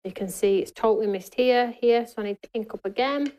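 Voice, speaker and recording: A woman's voice: fairly high pitch, a little fast, a little mellow. A woman hosting a live craft demonstration in a studio, chatting to her viewers and answering their comments as she works. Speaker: craft show host.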